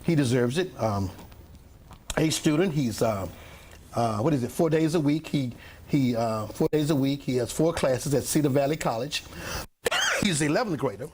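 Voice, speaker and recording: An older man, a pastor telling a rambling, animated story in a sermon to his congregation, often clearing his throat and coughing. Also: medium pitch, normal speed, a little hiss or hum. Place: church meeting room with a congregation.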